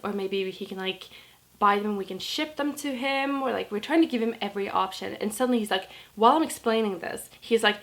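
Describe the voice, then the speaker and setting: A young woman with a Norwegian accent talks to camera in her twenties, chatty and animated. She fills her story with "like"s and keeps a middle pitch. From Norway. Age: 20s. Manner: chatty, animated, laughs often, many "like"s. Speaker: vlogger.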